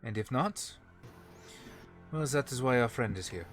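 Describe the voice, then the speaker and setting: A man's voice: medium pitch, animated, a little slow, soft background music, pitched below the performer's own voice, close to an everyday voice. A man doing a scheming vampire with a slipping German accent. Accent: German, put on and slipping.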